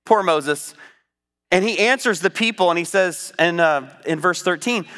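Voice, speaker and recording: A man preaching a sermon, teaching from the Bible in an animated, conversational way. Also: sits high, unhurried, clean tone.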